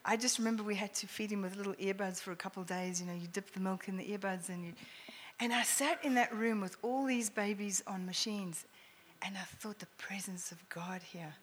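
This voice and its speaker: A woman's voice: mid-range voice, a little fast. Middle-aged woman telling a story in an echoey hall. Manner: animated, laughing often, drops to hushed near-whispers. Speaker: speaker sharing a testimony. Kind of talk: personal testimony storytelling. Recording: echoey hall with faint noise.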